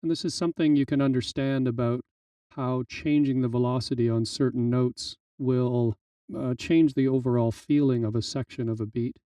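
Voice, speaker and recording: Male tutorial host, relaxed explainer with plenty of fillers, dark mellow tone, dry room, set back from the mic. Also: mid-range voice, normal speed, clean tone, no echo, distant mic. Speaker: music tutorial instructor. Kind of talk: screen-recorded software tutorial.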